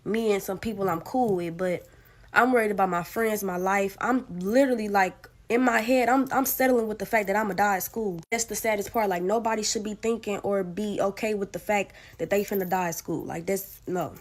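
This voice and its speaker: A woman's voice: mid-range voice, fairly even intonation, a little fast. Late-teen woman, casual storyteller, informal delivery with lots of fillers, vivid retelling of her own experience. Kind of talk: casual first-person storytelling.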